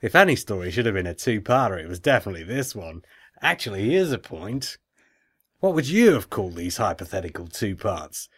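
A man's voice: on the low side, sing-song, fairly quick. A man putting on a broad, exaggerated Australian voice to read a listener's email. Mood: mock. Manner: exaggerated, wobbly put-on accent.

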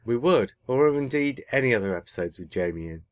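A man's voice: medium pitch, lively intonation, a little fast, dry recording. A man co-hosting a podcast, chatting casually and often correcting himself mid-sentence. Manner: chatty, self-correcting, teasing. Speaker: podcast co-host. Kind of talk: casual chat.

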